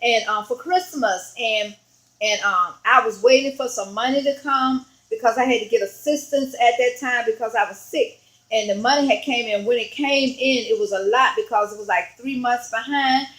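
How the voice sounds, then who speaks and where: A woman evangelist speaks to her viewers in a crisp, bright voice that sits a little high. She tells her story in an earnest, conversational way and keeps pausing with fillers as she goes. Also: low-quality recording. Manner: halting, rambling retelling full of fillers. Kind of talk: personal storytelling vlog.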